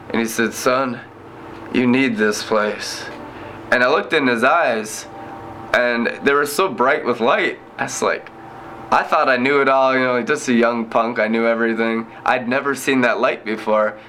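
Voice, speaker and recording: Missionary man in his thirties, bright forceful voice, lively storytelling testimony. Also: mid-range voice, slight background noise. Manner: animated, laughs often while telling his story. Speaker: inner-city missionary and broadcaster. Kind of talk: personal faith testimony.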